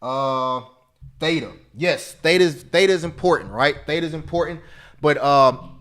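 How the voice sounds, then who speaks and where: A man with a high voice runs a live trading class. He is excitable and repeats himself, talking straight to his viewers and breaking into bits of song. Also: normal speed. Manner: sings snatches of love songs. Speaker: options trading instructor.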